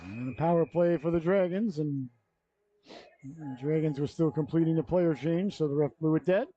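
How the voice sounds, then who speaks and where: A man's voice: fairly high pitch, normal speed, dark tone, slightly rough. Chatty man calling youth hockey. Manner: chatty, rambling asides and self-corrections. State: yawning, running out of breath. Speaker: play-by-play commentator. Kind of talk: youth hockey play-by-play commentary. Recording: dull, lo-fi local broadcast audio.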